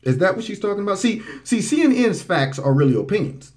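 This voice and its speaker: A man hosting a political commentary show, talking back to played clips in a mocking, animated way. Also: fast. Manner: animated, mocking, swoops into high voices for impressions.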